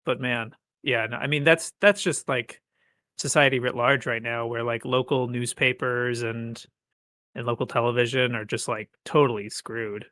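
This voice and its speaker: Bright-voiced man in casual podcast chat. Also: mid-range voice, fairly even intonation, moderate pace, no echo. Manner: rambling, restarts often, agreeable. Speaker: podcast co-host.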